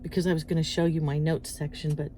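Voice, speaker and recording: A middle-aged woman vlogger talks animatedly into her phone outdoors while waiting in a parked car area, telling stories and acting out little voices in a casual, chatty rant to camera. Her voice is low and warm, with little pitch movement and a quick pace, and there's slight background noise.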